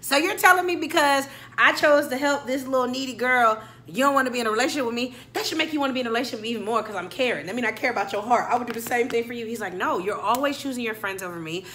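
A woman's voice: on the high side, very fast, hardly any pauses, bright, forceful tone. A young adult woman, telling a dramatic story and acting out every character. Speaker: storyteller vlogger. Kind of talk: storytime vlog.

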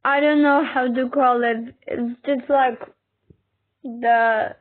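High-voiced woman, gushing reaction talk, squeals and whoops, unhurried, muffled lo-fi sound. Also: fairly even intonation. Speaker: reaction video host. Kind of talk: excited reaction commentary.

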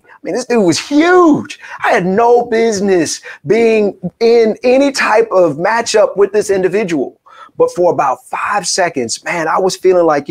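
A male pastor preaching with a high, lifted voice. He tells stories with animation and acts out each quoted voice. He sounds like he is speaking from a church pulpit. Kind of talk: sermon.

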